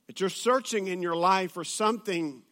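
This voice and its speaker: A man's voice: sits high, normal speed, pushed and bright. A man, a pastor preaching a sermon to a church audience, telling stories with humor and plenty of fillers and restarts.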